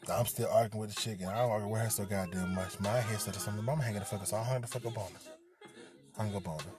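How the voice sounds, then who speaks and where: Guy w a lowish voice telling a story, swears a lot, acts out what everybody said, music going behind him. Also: fairly even intonation, racing. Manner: profane, streetwise retelling with voiced quotes. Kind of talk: casual storytime.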